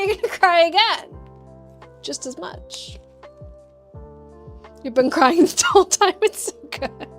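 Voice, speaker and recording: A woman with a high voice chats with her livestream viewers as she crafts. She talks at a slow, easy pace and laughs often. Soft music plays faintly behind her. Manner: chatty and upbeat, laughs often, answers chat questions. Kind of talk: casual chat with live chat while crafting.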